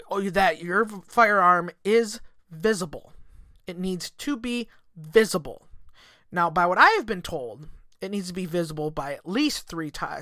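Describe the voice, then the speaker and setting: A man with a bright, sharp voice hosts his own podcast alone, cursing freely as he rambles and hammers his points home. The sound is dry and close on a desk mic, with no room around it. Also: sits high, dry recording. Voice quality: profane, rambling, emphatic. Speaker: podcast host. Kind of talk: solo podcast monologue. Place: home in Michigan.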